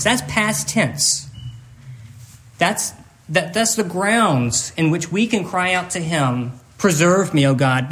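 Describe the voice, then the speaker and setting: Male pastor, earnest sermon delivery, high-pitched voice, halting with repeated words, emotional and close to tears. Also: fairly bright tone.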